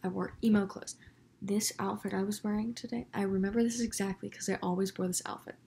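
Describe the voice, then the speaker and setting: Teen girl, vlogger, chatty storytelling, quick delivery, mid pitch. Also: fairly even intonation, creaky, mellow, slight background noise. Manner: chatty, quick, quotes people with put-on voices. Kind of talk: casual storytelling to camera.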